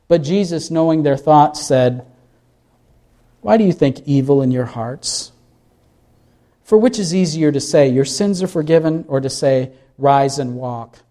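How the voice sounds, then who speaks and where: A man's voice: fairly high pitch, mellow. A male pastor preaching a sermon, full of rhetorical questions and acted-out quotes.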